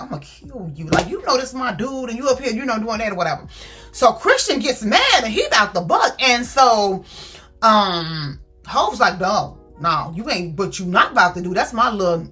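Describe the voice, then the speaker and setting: A woman recaps a novel for her followers in a loose, gossipy way, full of slang and little asides. She animates the plot by briefly voicing the characters. Soft music plays faintly behind her. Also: medium pitch. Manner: chatty and slangy, calls listeners "girl" and "baby"; animated, acts out characters' lines. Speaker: book reviewer. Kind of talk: casual book review retelling a plot.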